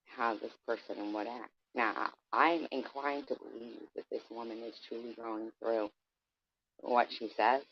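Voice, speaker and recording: A vlogger rants casually at his viewers, scornful, profane and rambling. His mid-range voice is creaky and slightly rough, with a level tone and a slightly slow pace. The lo-fi recording sounds dull and dry.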